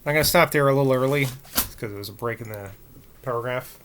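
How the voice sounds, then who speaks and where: A man's voice: medium pitch, fast, fairly bright tone, slight background noise. A man reading a classic novel aloud for his online channel, swinging between dramatic recitation and wry, joking asides. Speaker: audiobook reader.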